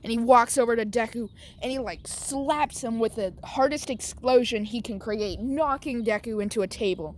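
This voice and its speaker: A woman's voice: fairly high pitch, moderate pace, hardly any pauses, a little hiss or hum. A woman casually making up and narrating a fan story, rambling with lots of fillers and restarts.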